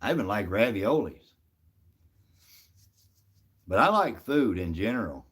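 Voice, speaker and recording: A man's voice: fairly low pitch, sing-song, measured pace, a bit bright, slightly rough. A middle-aged man casually chatting on a live stream, answering viewers by name in a folksy, easygoing way. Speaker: livestream host reading chat.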